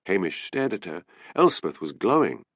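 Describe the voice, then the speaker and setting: A man narrating an audiobook in an expressive, lively reading. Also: low-pitched, moderate pace, dry recording, lo-fi sound. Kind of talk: scripted narration.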